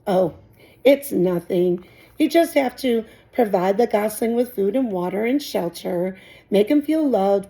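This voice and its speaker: A woman reading aloud, voicing an old gray female goose who talks in a brisk, scolding way. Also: medium pitch, warm tone, close to an everyday voice, low-quality recording.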